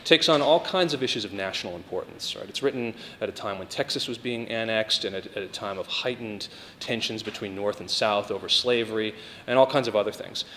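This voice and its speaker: A man leading a literature discussion for a podcast, talking quickly and emphatically and often checking in with "right?". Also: fairly low pitch, pushed and bright, in a large hall, a little hiss or hum.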